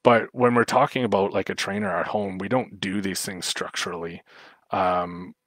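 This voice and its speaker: Low-voiced man explaining dog training. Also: fairly even intonation, moderate pace, fairly bright tone, no room sound. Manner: explanatory, many fillers and restarts. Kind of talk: livestream Q&A talk.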